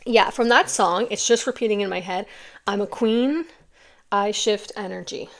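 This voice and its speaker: Woman, middle-aged, tarot reader, chatty and rambling, gravelly fry in her voice. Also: medium pitch, normal speed. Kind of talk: pick-a-card tarot reading.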